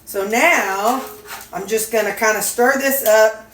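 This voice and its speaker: A woman's voice: fairly high pitch, slow, fairly bright tone, slight background noise. A woman vlogger cooking at home in a casual, folksy way, chatting to her viewers and dogs. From Missouri, USA. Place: home kitchen. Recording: echoey kitchen with sizzling skillet.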